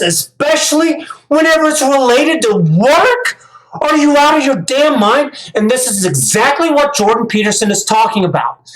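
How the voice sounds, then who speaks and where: A middle-aged man talking casually and at length, stumbling over repeated words and growing emphatic as he rants. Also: very high-pitched. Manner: rambling, repeats words on restarts; gets emphatic and ranting. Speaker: vlogger. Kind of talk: casual monologue. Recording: echoey room.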